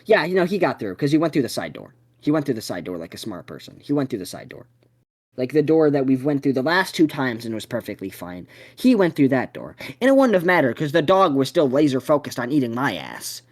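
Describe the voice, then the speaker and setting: A young man hosting a podcast, telling a story in a profane, excitable way. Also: mid-range voice, a little fast. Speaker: podcast host.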